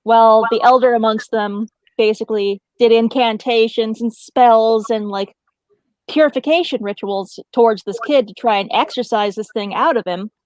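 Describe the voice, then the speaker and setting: Woman, casual storyteller, fairly high voice, laughs a lot, dry close sound. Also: normal speed, no echo, poor audio. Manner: animated, laughs often mid-story. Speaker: paranormal storyteller on a group call.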